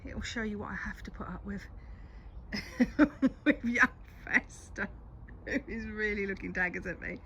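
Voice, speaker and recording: A woman's voice: mid-range voice, normal speed, pauses often, fairly bright tone, slight background noise. An older woman gives a casual walk-and-talk garden tour. She is chatty and keeps dropping into a whisper. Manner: chatty, often drops to a whisper, coos at her cat. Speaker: gardening vlogger. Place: outdoors in a home garden.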